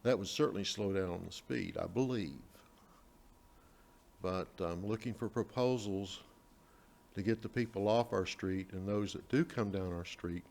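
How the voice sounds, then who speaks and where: A man's voice: lowish voice, creaky. A man speaking as a resident during public comment at a city meeting, earnest and a little hesitant.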